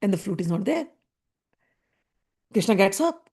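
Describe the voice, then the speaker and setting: A woman telling a devotional story in an animated, conversational way with frequent asides. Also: a little high, moderate pace, creaky, long pauses, breathy edge. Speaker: spiritual storyteller.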